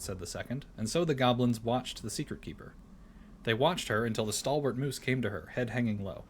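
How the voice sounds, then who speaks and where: A man streaming a game, chatting casually and reading a storybook aloud in a playful, animated way. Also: medium pitch, fairly quick, slight background noise.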